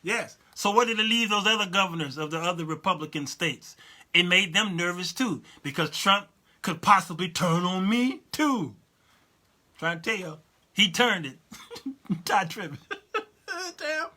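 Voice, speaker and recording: A man in his fifties hosting a talk show, talking straight to his viewers in an animated, laughing monologue and answering their chat comments. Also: high-pitched, measured pace. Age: 50s.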